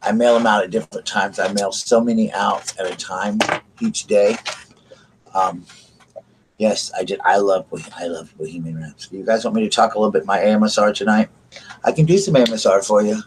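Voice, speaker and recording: A man's voice: on the low side, fairly quick, a little hiss or hum, poor audio. A man, rambling and chatting with viewers on a casual live stream from his bedroom. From South Carolina, USA. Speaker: vlogger. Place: home bedroom at night.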